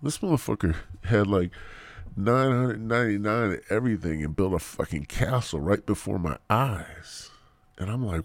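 A man's voice: fairly low pitch, sing-song, normal speed, creaky, a little mellow, no echo. A man hosting a podcast, ranting crudely in a rambling comedic monologue and swearing constantly, in his thirties. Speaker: podcast host.

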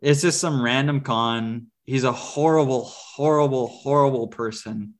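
Man, casual co-host, rambling, filler-heavy, mid-pitched voice. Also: a little slow. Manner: rambling, many fillers and restarts. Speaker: podcast co-host. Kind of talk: casual movie review chat.

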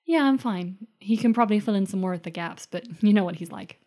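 A woman's voice: medium pitch, lively intonation, fast, darkish tone. A woman playing a character in a tabletop game, talking casually and a little hesitantly. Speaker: player. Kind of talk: tabletop role-play chat.

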